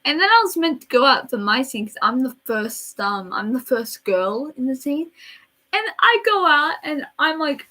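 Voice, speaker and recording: A teenage girl chatting casually in a storytime vlog, rambling and dramatic, with quiet asides. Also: high-pitched, very animated, moderate pace, poor audio. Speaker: vlogger.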